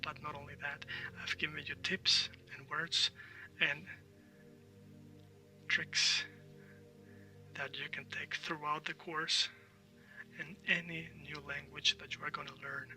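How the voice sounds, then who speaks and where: A man's voice: a little high, little pitch movement, slow pace, long pauses, pushed and bright, distant mic, soft background music. A man who speaks Spanish natively, teaching a recorded language lesson, spelling words letter by letter and encouraging learners.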